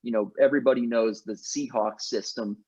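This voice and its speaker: A man's voice: mid-range voice, fairly even intonation, a little fast, mellow, breathy edge. A man co-hosting a sports podcast, arguing his picks emphatically in casual chat. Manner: emphatic, argues his picks with many restarts. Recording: dull lo-fi audio.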